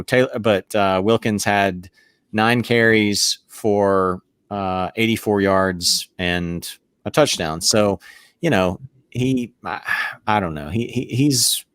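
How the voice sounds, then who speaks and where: Low-voiced man thinking aloud. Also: slow pace, no echo, clean studio sound. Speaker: podcast co-host. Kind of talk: casual fantasy football chat.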